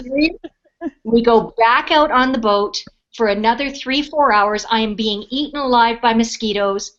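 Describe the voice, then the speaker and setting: Middle-aged woman telling a story over dull audio. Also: a little high. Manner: animated storyteller, acts out quoted voices. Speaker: webinar guest speaker. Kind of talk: casual storytelling.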